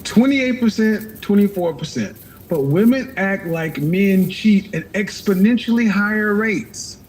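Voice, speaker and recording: A man's voice: high voice, expressive, measured pace, a little mellow, slight background noise. Blunt, lecturing man on a call-in show. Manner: blunt, lecturing, cuts callers off. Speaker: advice show host. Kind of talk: live call-in advice show.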